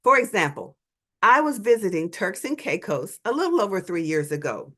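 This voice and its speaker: A woman giving a storytelling talk as an invited speaker, animated and dramatic in her delivery. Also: mid-range voice, moderate pace.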